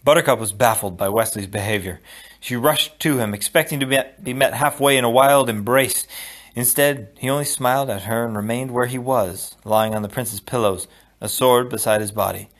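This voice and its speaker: A man reading a novel aloud in a steady, measured narration. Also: mid-range voice. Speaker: audiobook reader. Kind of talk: storybook read-aloud.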